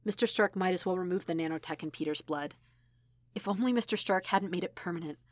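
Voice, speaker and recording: A woman narrating an audiobook reading in a measured, even storytelling manner. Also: lowish voice, dry recording. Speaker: audiobook reader. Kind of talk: audiobook narration of fan fiction.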